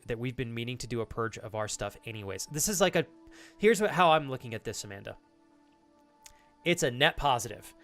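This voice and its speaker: A man streaming live, chatting casually with his viewers and reacting to their messages, animated and hyped, with casual swearing. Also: mid-range voice. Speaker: streamer reading chat.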